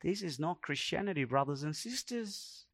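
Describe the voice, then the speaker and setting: A man preaching a sermon, dramatic, swinging between hushed and loud delivery. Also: on the high side, expressive, normal speed. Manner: acts out quoted complaints in a raised voice.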